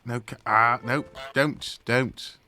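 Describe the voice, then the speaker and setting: A man casually commenting on his own gameplay as he streams, excitable and talking to the characters on screen. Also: medium pitch, takes it slowly, over music. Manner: excitable, talks to the game characters.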